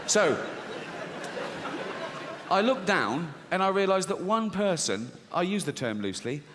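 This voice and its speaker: Performing to an audience from a big theatre stage, the middle-aged English comic swears, acts brash, and voices both sides of little exchanges. His voice sits high, sing-song and unhurried, over some background noise. The live theatre sound carries long reverb and a faint crowd.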